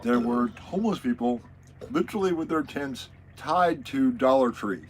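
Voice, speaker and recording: Lively, wry male livestream host. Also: medium pitch, normal speed, a little hiss or hum, low-quality recording. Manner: lively, wry, greets viewers. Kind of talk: casual livestream chat.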